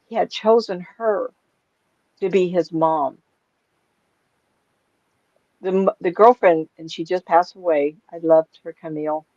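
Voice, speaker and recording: A woman's voice: fairly low pitch, unhurried, long pauses, dry recording. Middle-aged woman medium chatting, tells stories and does the voices, kinda dull lo-fi audio, dry. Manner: animated storyteller, acts out quoted voices. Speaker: psychic medium guest. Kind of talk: casual storytelling chat. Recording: dull lo-fi sound.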